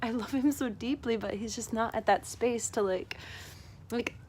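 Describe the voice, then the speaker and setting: A woman vlogs in a casual, confessional monologue, rambling and effusive, saying "like" constantly and laughing often as she talks. Her voice is a little high and a little mellow, at normal speed, with slight background noise.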